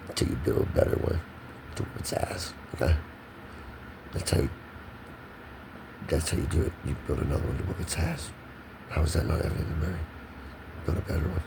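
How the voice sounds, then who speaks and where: A man's voice: very deep voice, brisk, vocal fry, pauses often, background noise. A man rambling in a monologue to camera, emphatic and preachy, repeating himself. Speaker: vlogger.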